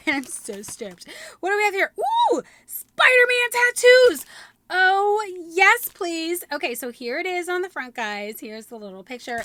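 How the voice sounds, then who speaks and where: A woman in her thirties chatting to camera at home while unboxing, gushing and excitable with frequent gasps. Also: sits high. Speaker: vlogger. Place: home room.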